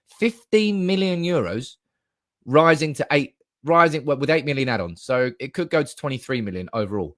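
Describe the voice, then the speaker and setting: A young man hosts a fan live stream from home, talking straight into a desk mic. His chat is loose and excitable, peppered with swearing and sudden shouts of joy, in a mid-range voice. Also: mid-range voice, normal speed. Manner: animated, swearing, reading comments aloud, bursts of excited shouting.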